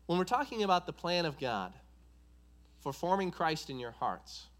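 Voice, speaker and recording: A man's voice: a little high, very animated, normal speed, fairly bright tone. A man preaching a sermon, driving points home with an emphatic, repetitive cadence.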